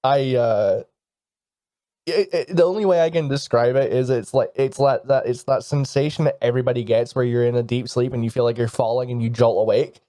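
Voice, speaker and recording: Mellow-voiced man playing a game. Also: mid-range voice, steady tone, no echo. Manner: deliberate, solemn in character. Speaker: player. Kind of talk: in-character role-play and casual table talk.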